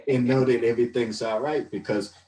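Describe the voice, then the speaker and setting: A man's voice: medium pitch, fairly even intonation, brisk, dark tone, recorded from a distance, poor audio. A man in his sixties giving a rambling, reflective testimony as a podcast guest, full of fillers. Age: 60s. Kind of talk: casual storytelling testimony.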